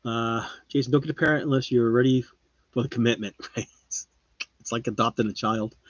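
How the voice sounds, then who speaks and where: A man hosting a live stream, chatting casually with viewers and rambling, his voice often trailing off quietly. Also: medium pitch, steady tone, fairly quick, no room sound. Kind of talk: casual chat. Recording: slightly muffled lo-fi sound.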